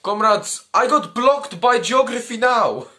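A man's voice: very high voice, animated, a little slow, sharp tone. Man ranting profanely, comrade after comrade. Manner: calls everyone comrade, swears a lot, laughs often. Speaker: comedy YouTuber host. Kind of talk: profane comedic gaming commentary.

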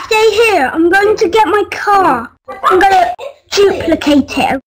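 A young child playing a sandbox game, whining, shouting and pleading to be left alone. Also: female voice, extremely high pitch, lively intonation, unhurried, rough recording. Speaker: game player. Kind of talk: excited game chatter.

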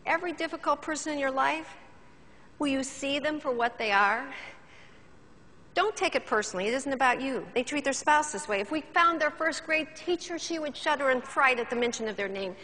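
A woman's voice: high-pitched, a little fast, in a large hall. A woman motivational speaker giving a theatrical keynote speech on stage to a live audience. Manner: animated, theatrical, addresses audience.

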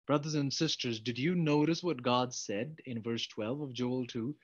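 A man preaching a sermon, emphatic, swinging between loud urgent appeals and quiet asides. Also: medium pitch, moderate pace. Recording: dull, lo-fi sound.

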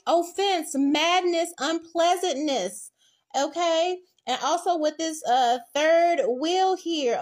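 A woman giving a casual tarot reading, blunt and profane, acting out little scenes as she talks. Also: high-pitched. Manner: blunt, profane, animated storytelling with acted-out quotes. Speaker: tarot reader.

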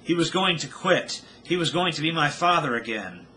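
A man's voice: lively intonation, moderate pace, pushed and bright, a little hiss or hum. A man voicing a grieving, furious teenage girl who screams and sobs. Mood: grief-stricken. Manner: screaming, sobbing, shrill.

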